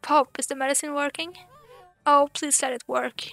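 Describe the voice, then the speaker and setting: A woman's voice: high-pitched, flat delivery, normal speed, creaky, bright, forceful tone, soft background music, exaggerated voice. A woman reading the lines of a worried young village boy aloud in a game, earnest and pleading.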